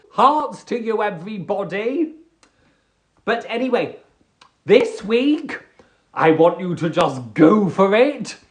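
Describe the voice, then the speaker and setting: A man chatting casually to a live-stream audience with jokey, self-deprecating stories. His voice sits fairly high, and his pitch leaps around as he unhurriedly spins each anecdote. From England. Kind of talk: casual comic monologue. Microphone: phone or webcam on a live stream.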